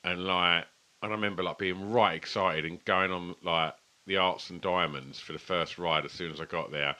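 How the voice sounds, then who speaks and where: A man's voice: deep voice, steady tone, moderate pace, bright, forceful tone. A man, co-hosting a casual podcast chat and telling rambling, sweary stories. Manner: rambling, sweary, chatty storytelling. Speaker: podcast co-host. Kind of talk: casual chat over beers.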